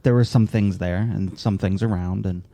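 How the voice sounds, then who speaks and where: A man co-hosting a podcast, rambling through absurd deadpan jokes in casual chat. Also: sits low, normal speed, vocal fry. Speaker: podcast co-host.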